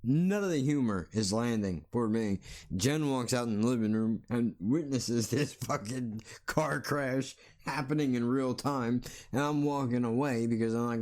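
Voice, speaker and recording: A man's voice: medium pitch, unhurried, a little mellow. A man hosting a solo podcast, ranting bluntly and sarcastically with plenty of swearing. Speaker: podcast host.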